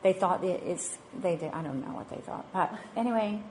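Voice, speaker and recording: A woman's voice: lowish voice, a little fast, a little mellow. A woman in her thirties, a mother of five, giving a chatty, self-mocking talk on parenting and faith to a church group, laughing often. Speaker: speaker at a parenting session.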